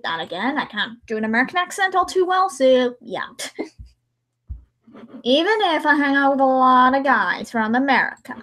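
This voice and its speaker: High-voiced giggly young woman. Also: a bit bright. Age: young adult. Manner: chatty, giggly self-talk with frequent laughs. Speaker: livestreamer editing a dramatic reading. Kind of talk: casual chat while editing.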